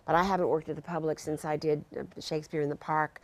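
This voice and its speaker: An older actress, a guest on a talk show, telling stories with lively energy and laughing through them. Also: female voice, low voice, fast. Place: TV studio.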